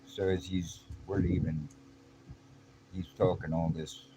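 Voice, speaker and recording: A middle-aged man tells a story from his own life in a casual, blunt, streetwise way. His voice sits very low, and his slangy speech is full of restarts. Steady background noise runs under the recording. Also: slow pace, lo-fi sound. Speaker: vlogger.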